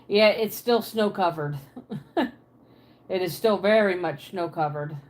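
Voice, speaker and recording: A woman's voice: fairly low pitch, measured pace. A woman from Pennsylvania with a Pennsylvania Dutch accent and a Southern twang, chatting casually on a livestream from her apartment and answering viewers' comments aloud.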